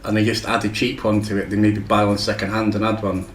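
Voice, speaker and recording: A man's voice: on the low side, flat delivery, fast talker, roomy sound, a little hiss or hum, rough recording. A man hosting a casual tech chat show, rambling and joking with frequent swearing. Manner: rambling, swears freely, jokey. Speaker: show host.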